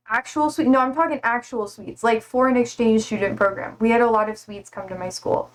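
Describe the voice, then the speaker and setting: With a somewhat high voice and a slightly fast pace, a live-streaming woman talks to her chat in a casual, slightly raised tone. Her thoughts wander, and she laughs at herself in a self-deprecating way.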